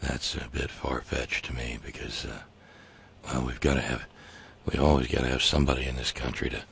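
A man voicing a smug, evasive male politician in a low, halting, mumbling drawl. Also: flat delivery, gravelly, fairly bright tone, slight background noise, exaggerated voice.

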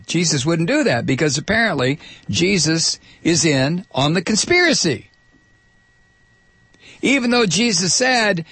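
A man's voice: fairly high pitch, very animated, unhurried, pauses often, fairly bright tone, husky, no room sound. A man hosting a talk radio show, rambling through a sarcastic monologue close to a studio mic. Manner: sarcastic, rambling, mock voices.

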